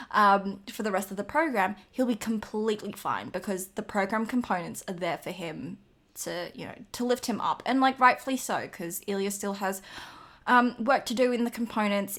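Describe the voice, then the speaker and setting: A woman's voice: medium pitch, animated, moderate pace, a bit bright. A woman co-hosting a podcast in casual chat, talkative, swearing freely and laughing often. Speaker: podcast co-host.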